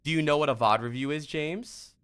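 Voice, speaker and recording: A young man coaching on a livestream, his voice bright and fairly high for a man. He talks in an exasperated, rambling way, with frequent restarts and casual swearing. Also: fairly quick, clear, resonant tone. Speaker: streamer and game coach. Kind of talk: casual stream talk.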